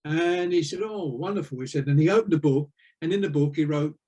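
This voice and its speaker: A man's voice: a little high, fairly quick, warm tone. An older man, a retired navy veteran, telling rambling anecdotes with lots of fillers in an interview. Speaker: interview guest. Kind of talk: casual storytelling.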